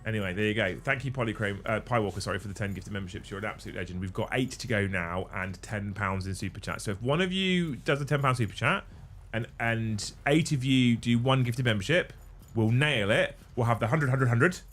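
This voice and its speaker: A man hosting a casual livestream, swearing freely, getting excitable and thanking viewers by name. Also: fairly low pitch, a little fast. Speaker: livestream host.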